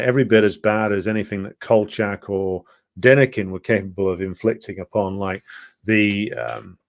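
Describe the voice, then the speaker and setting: A man with a fairly low voice lectures on history in an earnest, explanatory way. He talks off the cuff and stumbles often into ums and half-finished restarts. The sound is close and dry, with no room in it. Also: no room sound. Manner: halting, with frequent ums and restarts. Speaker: presenter of a political history programme. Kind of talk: unscripted explanatory talk.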